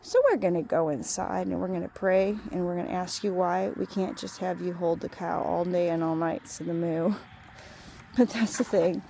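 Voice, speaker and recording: Woman, rambling sing-song baby talk to a farm animal, gravelly, faint outdoor noise on a phone. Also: on the low side, fairly even intonation, normal speed. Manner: sing-song baby talk to a cow, drifting into soft musings. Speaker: animal lover talking to a cow. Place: outdoors by a cow pasture.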